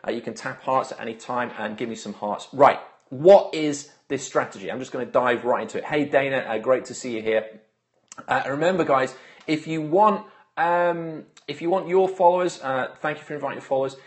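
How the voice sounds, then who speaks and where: A man's voice: mid-range voice, a little fast. A man hosting a live phone stream, chatting casually, greeting viewers by name and giving marketing tips with lots of filler uhs.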